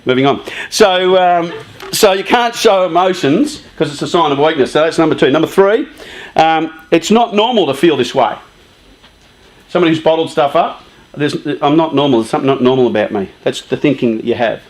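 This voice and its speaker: A man's voice: fairly high pitch, lively intonation, normal speed, pauses often. A man in his fifties giving a conversational, joking talk to a live youth group, often asking the audience questions. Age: 50s. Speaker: youth charity speaker.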